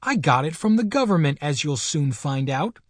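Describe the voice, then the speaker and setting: A man doing a shrill boy playing general. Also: big pitch swings, normal speed, dry recording, studio quality. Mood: defiant. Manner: indignant, shrill, trying to sound commanding. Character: brash boy in a general's uniform, shrill treble voice.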